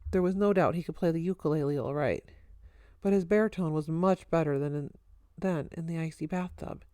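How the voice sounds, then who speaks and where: A woman narrating a story in an even, wry storytelling manner. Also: lowish voice, a little fast, no echo. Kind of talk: audiobook narration.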